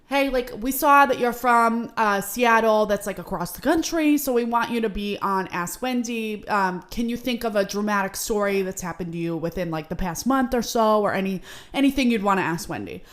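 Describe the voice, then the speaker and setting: A young woman voicing a pushy, fast-talking female TV producer with a New Jersey accent. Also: mid-range voice, fairly bright tone, lightly acted. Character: brash female TV show producer.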